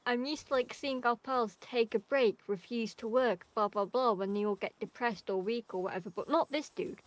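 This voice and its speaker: A tired, low-energy woman streaming a game, chatting quietly and laughing often, close to her microphone. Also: normal speed, low-quality recording. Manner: quiet, laughs often, speaks softly right into the mic. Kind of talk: casual gaming chat. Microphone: desk microphone at close range.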